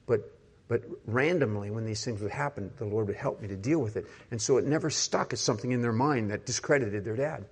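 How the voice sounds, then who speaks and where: In a mid-range, fairly quick, slightly rough voice, an older man who is a pastor delivers a conversational sermon. He leans on rhetorical questions and softens to a hushed voice whenever he recounts personal moments.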